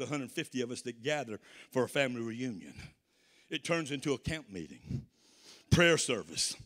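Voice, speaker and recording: A man from the American South with a Southern accent, preaching a sermon with call-and-response and rising to shouts. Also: on the high side, in a large hall.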